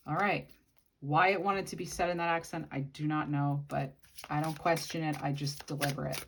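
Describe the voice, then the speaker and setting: Low-voiced woman giving a tarot reading. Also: steady tone, moderate pace, creaky. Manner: musing, speaks to the viewer directly. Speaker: tarot reader. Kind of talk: casual channeled tarot reading.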